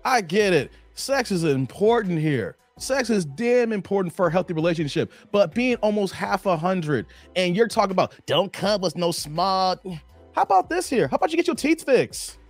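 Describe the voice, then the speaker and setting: A man hosting a reaction video, commenting in an animated, preachy way and tacking "here" onto his sentences. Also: sits high, moderate pace, few pauses, faint music behind. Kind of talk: commentary on a played clip.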